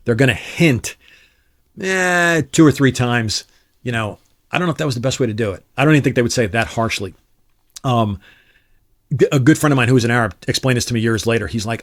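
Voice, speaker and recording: A man's voice: mid-range voice, quick pace. A middle-aged man, a retired Army officer, telling stories in a casual interview and acting out the lines of the people in them. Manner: animated storyteller who acts out quoted dialogue. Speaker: retired Army Special Forces officer, guest.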